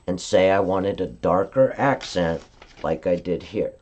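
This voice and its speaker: A woman's voice: rumbling low, unhurried, darkish tone. A woman giving a live-stream card-making tutorial, explaining each coloring step in a chatty way and often checking in with "okay?".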